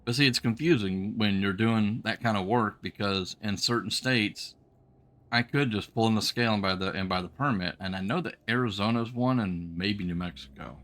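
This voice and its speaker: A man's voice: lowish voice, normal speed, a bit bright. A man who used to drive trucks, streaming a trucking game and telling a long story in a folksy, rambling way full of ums and restarts. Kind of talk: casual storytelling while gaming.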